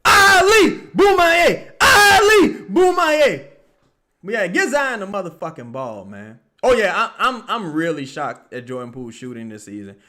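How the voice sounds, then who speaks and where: Young male streamer, bright cutting voice, a touch high, excitable, foul-mouthed fan commentary. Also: brisk, hardly any pauses. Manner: excitable, profane, bursts into yelling at the players. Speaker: streamer watching a basketball game live. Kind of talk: live fan watch-along commentary.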